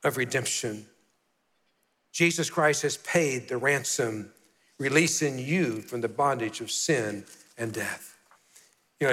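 A man's voice: medium pitch, pushed and bright, big-room sound. A man in his sixties, a pastor preaching a sermon with earnest storytelling and repeated key phrases. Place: church sanctuary.

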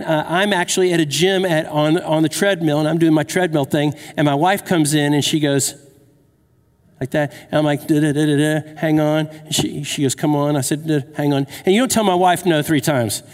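A man in his fifties preaching a sermon, telling a personal story and asking the crowd questions, with jokes along the way. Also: on the high side. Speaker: pastor. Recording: long hall reverb.

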